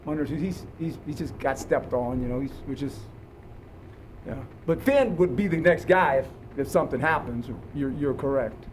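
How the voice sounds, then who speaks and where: A man's voice: medium pitch, normal speed, faint music behind, rough recording. An older man, a head football coach, answering reporters after practice in an earnest way, often repeating words as he starts a sentence. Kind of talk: post-practice press conference.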